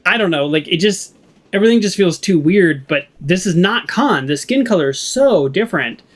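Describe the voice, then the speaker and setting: A man's voice: high voice, lively intonation, moderate pace. Chatty West Coast American guy. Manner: rambling, chatty, lots of fillers and laughs. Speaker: let's play streamer. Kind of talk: casual game commentary.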